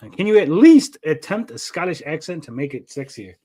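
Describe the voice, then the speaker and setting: A man's voice: on the high side, sing-song, a little fast, mellow, a little hiss or hum. A man hosting a casual livestream, rambling and joking as he reads out chat messages. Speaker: livestream host.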